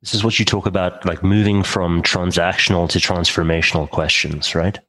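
A man's voice: deep voice, steady tone, moderate pace, fairly bright tone, poor audio. A man hosting an interview, thoughtfully building up long questions for his guest. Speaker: interview host. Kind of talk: conversational interview.

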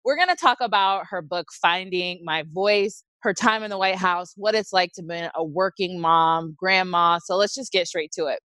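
A woman's voice: on the low side, normal speed, few pauses, fairly bright tone, dry recording. A woman hosting a podcast interview, who laughs often. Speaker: podcast host. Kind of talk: conversational interview.

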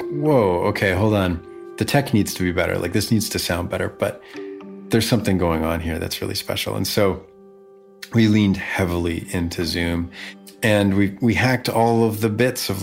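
A man with a low voice and a gravelly, fry-laden edge speaks in casual conversation. He tells his story with lively energy, tumbling through restarts and fillers. Soft music plays faintly in the background. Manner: animated, talks fast with many fillers and restarts.

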